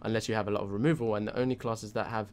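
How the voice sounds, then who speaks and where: A man's voice: fairly low pitch, fairly even intonation, rapid-fire, a little mellow. A man co-hosting a casual gaming chat, reasoning his choices out aloud. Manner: musing, reasons things out aloud. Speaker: co-host.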